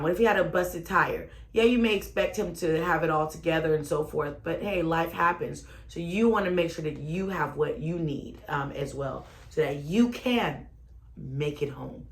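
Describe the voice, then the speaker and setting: A woman, telling her own story with sass. She swings from loud, exclaiming bursts to quiet asides. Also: normal speed. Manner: sassy, expressive, rising to loud exclamations then dropping low. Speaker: storyteller vlogger. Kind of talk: animated personal storytelling.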